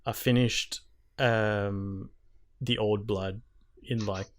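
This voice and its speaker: A man's voice: fairly low pitch, steady tone, very slow. A man co-hosting a casual gaming podcast, rambling through stories with lots of "um" and "like". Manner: rambling, filler-heavy storytelling. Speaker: podcast co-host.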